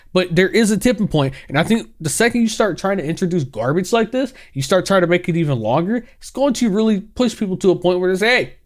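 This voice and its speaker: Young guy ranting about stuff, sarcastic, voice goes way up and down, kinda high. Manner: exaggerated, sarcastic, animated, laughs a lot, casual slang. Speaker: gaming commentary youtuber. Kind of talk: ranting commentary.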